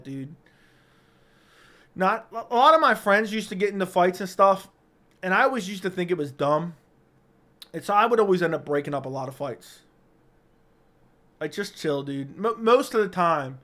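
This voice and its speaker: A man hosting a casual livestream, telling profane, animated stories and answering chat questions into a studio mic. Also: sits high. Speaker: livestream host. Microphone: studio dynamic mic.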